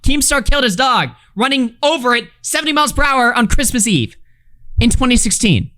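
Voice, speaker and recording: A man's voice: very high voice, expressive, fairly quick, pushed and bright. A man live-streaming a casual reaction, swearing freely, laughing and reading chat messages aloud. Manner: loose, profane, laughing, reads chat aloud.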